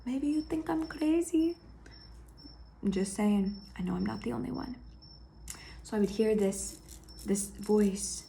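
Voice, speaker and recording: A woman sharing a heartfelt personal vlog, speaking gently and intimately to the viewer and often dropping into a soft whisper. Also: medium pitch, creaky, a little hiss or hum. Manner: affectionate, speaks straight to the viewer.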